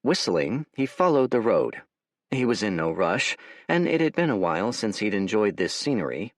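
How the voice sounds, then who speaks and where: A man narrating an audiobook in a wry, animated storytelling manner, recorded close to the mic. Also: lowish voice, normal speed, dry recording. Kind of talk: scripted narration.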